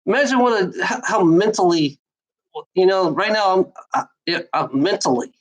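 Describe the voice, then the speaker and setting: A woman's voice: fairly low pitch, moderate pace, poor audio. A woman in her forties talking straight at the listener in a loose, casual monologue. She rambles, restarts and repeats phrases, and drops swear words all the time. Her tone is bitter and worn out. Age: 40s. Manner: rambling, repetitive, swears a lot. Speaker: vlogger giving life advice.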